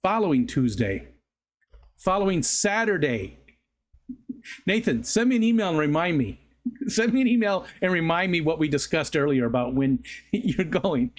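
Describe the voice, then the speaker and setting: A man's voice: on the high side, animated, normal speed, long pauses. A middle-aged man hosting a livestream, telling rambling stories in casual chat, often correcting himself and laughing. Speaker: livestream host.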